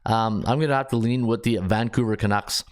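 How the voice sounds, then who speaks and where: A man's voice: on the low side, fairly even intonation, fairly quick. A man hosting a sports betting podcast, thinking aloud as he checks stats, with frequent restarts and filler words. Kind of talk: casual solo analysis.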